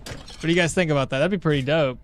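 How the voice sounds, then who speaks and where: A man streaming a game, chatting casually and excitably, swearing now and then. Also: fairly high pitch, fast, soft background music. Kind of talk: casual gameplay commentary.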